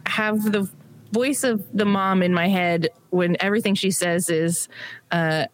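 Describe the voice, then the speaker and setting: A woman co-hosting a casual comedy podcast, describing a film in a relaxed way, often pausing on ums. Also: medium pitch, a little hiss or hum. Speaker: podcast co-host. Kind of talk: casual chat.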